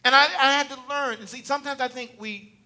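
A man's voice: very high voice, fairly even intonation, fairly quick, sharp tone. A male preacher giving a conversational, joking sermon to a church congregation, teasing and talking directly to them.

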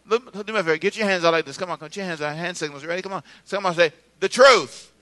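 A man's voice: sits high, rapid-fire, fairly bright tone. A male pastor preaching a sermon in a conversational way, calling on the congregation to repeat his words back. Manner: conversational preaching with call-and-response.

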